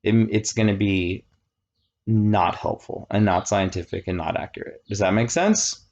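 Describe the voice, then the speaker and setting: A man in his thirties giving a casual, animated classroom lecture, often checking that students follow. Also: fairly low pitch, normal speed, highs cut off. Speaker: college lecturer.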